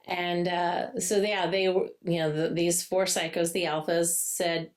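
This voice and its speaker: A woman co-hosting a podcast, chatting loosely about a book, with many fillers and laughs, and now and then she acts out the characters' lines in a playful high voice. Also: little pitch movement, measured pace. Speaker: podcast co-host. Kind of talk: casual book-discussion chat.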